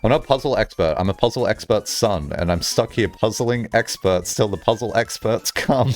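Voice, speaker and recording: A man livestreaming, chatting casually with his viewers in a lively, rambling way, swearing freely and filling his talk with "like". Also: on the low side, normal speed, soft background music. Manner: animated, chatty, swears casually, many "like" fillers. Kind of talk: casual livestream chat, answering chat.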